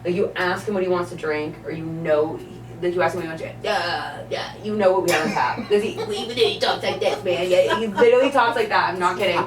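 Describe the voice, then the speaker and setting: Lively storytelling woman, lowish voice, echoey. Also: quick pace, few pauses, a crowd in the background. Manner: lively, exasperated, laughs while telling stories. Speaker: bartender guest. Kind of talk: casual podcast storytelling. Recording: echoey room, distant mic, faint noise.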